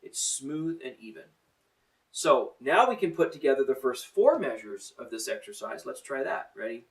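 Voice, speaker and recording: A man's voice: medium pitch, big pitch swings, moderate pace, distant mic, slight background noise, rough recording. A middle-aged man teaching a drum lesson, counting in and coaching in a plain-spoken, encouraging way.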